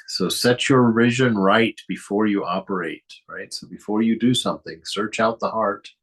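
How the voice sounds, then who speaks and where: A man leads a reflective spiritual talk in a deep, husky voice. He speaks gently and poses question after question to his listeners, often breaking into a soft chuckle. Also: normal speed. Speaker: spiritual teacher giving commentary.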